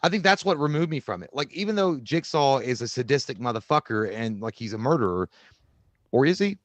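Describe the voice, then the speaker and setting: A man co-hosts a casual movie review chat, getting worked up and swearing freely as he argues his points. His voice sits at an ordinary middle pitch. The sound is dry and close, with no room echo. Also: a little fast, lo-fi sound. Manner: animated, swearing, acts out voices mid-story. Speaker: co-host.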